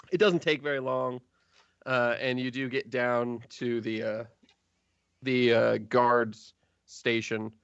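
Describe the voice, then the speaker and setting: A man's voice: medium pitch, fairly bright tone, clean tone, no room sound. A man narrating a tabletop game as game master, loose and chatty, laughing often, in a dull, dry recording.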